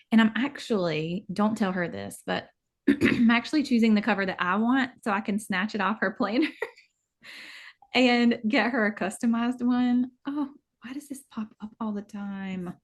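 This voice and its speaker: A woman with a Southern American accent hosting her planner channel, chatting upbeat and giggly while shopping online with a friend. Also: medium pitch. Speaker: planner vlogger, channel host. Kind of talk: casual online shopping chat.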